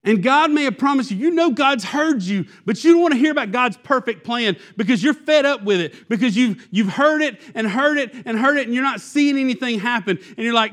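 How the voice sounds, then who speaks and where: A man preaching a sermon, animated and acting out the Israelites' complaints in quoted voices. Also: very high-pitched, fairly quick, few pauses. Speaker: pastor.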